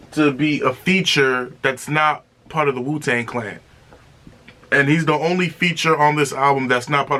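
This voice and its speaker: A man reacts to music on his video, talking casually with lots of excitement, repeated phrases, and sudden exclamations. His voice sits in the mid range.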